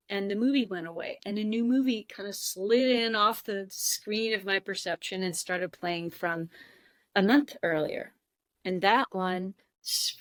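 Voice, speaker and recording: A woman telling a deeply personal story as a podcast guest. She is tearing up and speaks in a halting, heartfelt way, with pauses and restarts. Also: no room sound.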